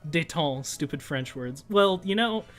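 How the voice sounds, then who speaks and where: A man co-hosting a stream, reading fanfiction aloud with slow, laughing, dramatic delivery. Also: fairly high pitch, animated, faint music behind. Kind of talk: casual comedic reading commentary.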